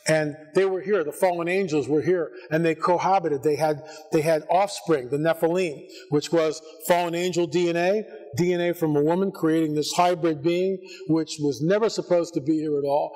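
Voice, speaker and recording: An American man addresses a church audience with an animated, fairly high voice. He shifts between low, wry asides and sudden near-shouted bursts. The delivery is a live conference talk. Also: moderate pace, few pauses. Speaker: conference speaker. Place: church sanctuary before an audience.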